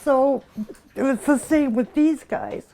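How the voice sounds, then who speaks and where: Speaking slowly in a high-pitched voice, a woman in her sixties who owns a pig sanctuary talks casually for a documentary out on her farm. Her manner is soft, emotional, and heartfelt.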